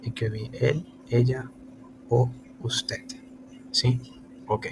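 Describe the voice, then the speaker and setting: Halting tutor, flat delivery. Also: male voice, mid-range voice, creaky. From Latin America. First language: Spanish. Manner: halting English with many restarts and self-corrections. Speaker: Spanish tutor. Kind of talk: online language lesson. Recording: steady background noise.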